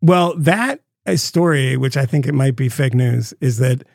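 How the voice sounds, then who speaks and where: Gravelly, husky man in rambling casual chat. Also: mid-range voice, a little slow, no echo, studio quality. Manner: rambling, profane, animated storytelling. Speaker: podcast co-host.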